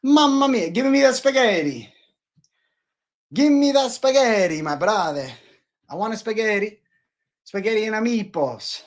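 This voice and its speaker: A man's voice: fairly high pitch, big pitch swings, normal speed, few pauses, darkish tone. A man putting on a cartoonish Italian man who is craving spaghetti, in an exaggerated, sing-song manner. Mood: hammy.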